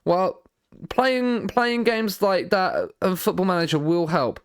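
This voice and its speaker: A man's voice: sits high, expressive, slow pace, clear, resonant tone, no echo, studio quality. Rambling man streaming a football sim. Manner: rambling, repeats and restarts words. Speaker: game streamer. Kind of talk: live stream commentary while playing a football manager game.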